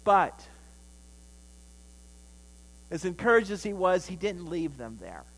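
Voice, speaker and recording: A man's voice: high voice, sing-song, takes it slowly, a bit bright. A male pastor delivering a sermon in a church, telling a story and then building to emphatic peaks. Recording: long hall reverb.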